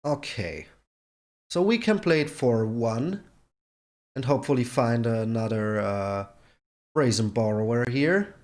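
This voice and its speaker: A man's voice: mid-range voice, lively intonation, measured pace, long pauses, darkish tone. A man hosting his own gameplay channel, commenting on a card game in an exasperated rant that keeps repeating itself. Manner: exasperated ranting, repeats himself. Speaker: channel host.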